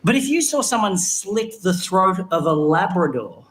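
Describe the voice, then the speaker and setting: A man with an Australian accent doing a live stand-up set, profane and animated, laughing through his jokes. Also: high-pitched, moderate pace. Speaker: stand-up comedian. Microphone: handheld stage microphone.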